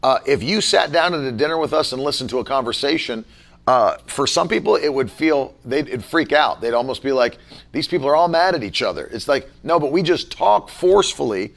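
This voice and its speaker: A man leading a casual Bible-study chat as pastor, talking forcefully and emphatically. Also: medium pitch, expressive, brisk.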